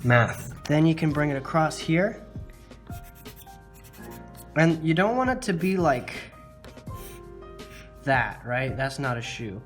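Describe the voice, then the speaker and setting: A man's voice: fairly high pitch, very animated, slow pace, pauses often, faint music behind. A man hosting a casual drawing tutorial, rambling and poking fun at his own mistakes with lots of filler words. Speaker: art tutorial host.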